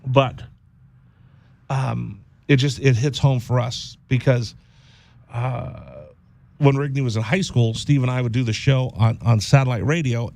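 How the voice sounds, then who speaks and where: Gravelly-voiced male radio host, halting and heartfelt. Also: medium pitch, a little mellow. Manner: halting, repeats words, heartfelt. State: teary-eyed. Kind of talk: emotional radio monologue.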